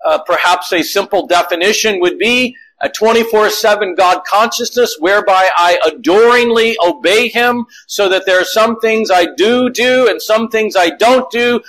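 A middle-aged man delivering a sermon in a high voice. He tells homely stories with animation and acts out the lines of the people in them, then urges his listeners on. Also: rough recording. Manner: animated storytelling, acting out quotes. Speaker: preacher.

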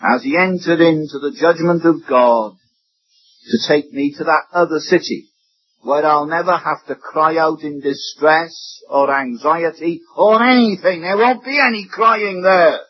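A man's voice: fairly high pitch, a little slow, husky. A man preaching a sermon, emphatic, his voice rising and dropping sharply for effect. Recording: dull lo-fi recording.

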